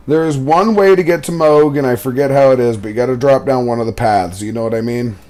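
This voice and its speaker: A young man casually chatting while playing a game, telling stories in an animated, profane way. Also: medium pitch. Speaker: gaming commentator. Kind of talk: casual gaming chat.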